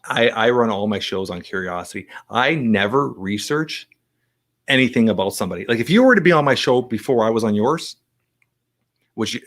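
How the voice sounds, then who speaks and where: A man's voice: lowish voice, lively intonation, a bit bright. A man talking as a podcast guest, telling stories in a rambling way, full of restarts and quoted back-and-forth. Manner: fast, rambling storyteller with many restarts. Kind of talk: casual interview chat.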